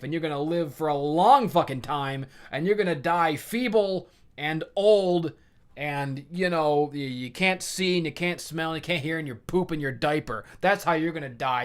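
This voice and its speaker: A man playing a foul-mouthed, short-tempered god who heaps mocking curses on a mortal. The voice stays close to the man's own plain speaking voice, with no big change in pitch. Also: moderate pace, close to an everyday voice. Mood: scornful. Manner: profane and mocking. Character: crude, irritable male sky god.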